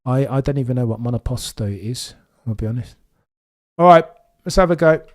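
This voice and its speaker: A man from Birmingham with a mild Birmingham accent, hosting a live watchalong stream and chatting excitably with his viewers. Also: medium pitch, a little fast. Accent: mild Birmingham English. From Birmingham, England. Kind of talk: live streaming commentary chat.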